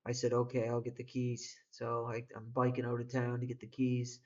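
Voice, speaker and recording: A man's voice: mid-range voice, completely flat delivery, normal speed, dull audio. A man telling a personal story in a rambling, profane way, full of restarts and swearing. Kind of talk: casual spoken storytelling.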